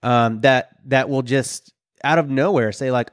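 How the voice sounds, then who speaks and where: A man's voice: mid-range voice, steady tone, unhurried, dry recording. Guy hosting a podcast, mid voice, dry close sound, easygoing. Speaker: host. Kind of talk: casual interview chat.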